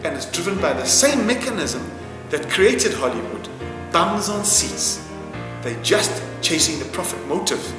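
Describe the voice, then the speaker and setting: In an impassioned interview answer, a man with a high-sitting voice swings his pitch widely while keeping a measured pace and barely pausing. He speaks with passion and emphasis, repeating phrases to hammer his point. The room is a roomy hall with long reverb and faint music.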